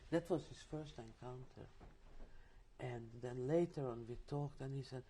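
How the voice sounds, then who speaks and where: Older woman, interview testimony, lively storytelling, dark mellow timbre. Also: rumbling low, normal speed, slight background noise. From Czechoslovakia. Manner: vivid storytelling with restarts and asides. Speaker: interviewee, Holocaust survivor. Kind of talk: oral history testimony.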